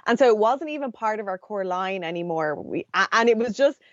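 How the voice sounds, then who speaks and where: A woman's voice: medium pitch, expressive, a little fast, no echo, highs cut off. A woman from Ireland, a company founder talking candidly and with spirit as an interview guest over a remote line.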